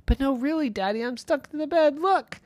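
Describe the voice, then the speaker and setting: A man voicing a whiny, excitable young boy in a bedtime story, pleading in a high voice. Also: brisk, no echo. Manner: high, pleading, dramatic outbursts.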